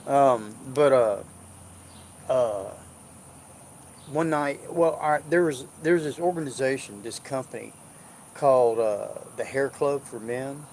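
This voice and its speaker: A man's voice: mid-range voice, takes it slowly, long pauses, darkish tone, a little hiss or hum. A man chatting casually at home, jovial and rambling, drifting off track as he tells stories. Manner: jovial, rambling, drawling storyteller. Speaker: vlogger. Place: indoors at home.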